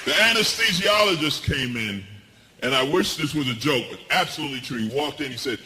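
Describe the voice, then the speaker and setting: A middle-aged man doing a stand-up comedy set, telling stories with animated swings in pitch for punchlines. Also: fairly quick, some chatter behind, a little hiss or hum. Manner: animated storytelling, jumps high for punchlines. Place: comedy stage before a laughing audience. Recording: live show with audience laughter.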